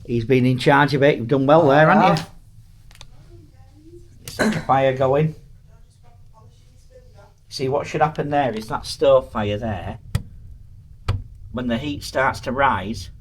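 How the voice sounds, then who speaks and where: A man's voice: mid-range voice, takes it slowly, long pauses, a little hiss or hum. A man, chatting to viewers in a casual travel vlog and calling them folks and guys. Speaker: vlogger.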